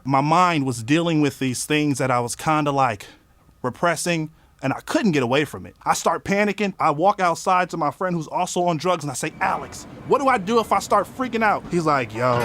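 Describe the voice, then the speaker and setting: A man casually telling a personal story in an animated way, swearing often and acting out what he said at the time. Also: a little high, dry recording. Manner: animated, swearing, acts out his own quotes. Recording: faint music underneath.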